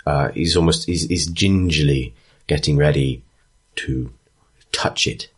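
A man's voice: very deep voice, measured pace, husky. A man narrating a tabletop game as game master, rambling with many restarts. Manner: rambling, full of ums and restarts.

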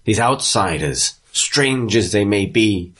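A man voicing a nervous, charmed male alchemist who speaks haltingly and stammers. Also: lowish voice, animated, a bit bright, pitched above the performer's own voice, exaggerated voice. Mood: anxious.

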